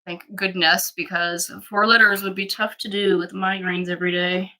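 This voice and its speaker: A woman who breeds dogs, chatting casually on a livestream and talking to her puppies in high baby talk. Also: level tone, moderate pace, sharp tone, low-quality recording. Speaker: dog breeder streaming puppies.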